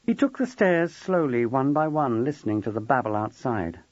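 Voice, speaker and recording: A man reads a novel aloud with a husky voice and a lively, rising and falling delivery. The recording is dull and dry, with no room sound. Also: medium pitch, moderate pace, no echo. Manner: expressive storytelling. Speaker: audiobook narrator. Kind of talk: scripted narration.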